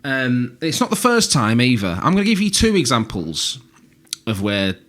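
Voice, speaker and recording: Lively man telling sweary stories. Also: medium pitch, moderate pace. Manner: sweary, dry storyteller who laughs at his own tales. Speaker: podcast co-host. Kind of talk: casual banter and storytelling.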